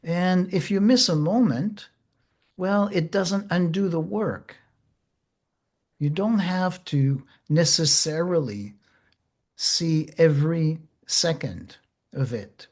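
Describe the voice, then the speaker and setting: Slow, gentle male therapy teacher. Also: on the high side. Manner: slow, gentle, measured with pauses and fillers. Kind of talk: reflective teaching talk.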